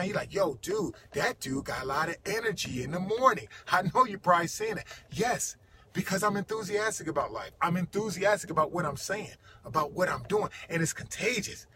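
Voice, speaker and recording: A middle-aged man giving an energetic, emphatic motivational talk in a vlog, repeating his key phrases. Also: high voice, background noise. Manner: energetic, emphatic, repetitive preaching. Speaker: motivational speaker.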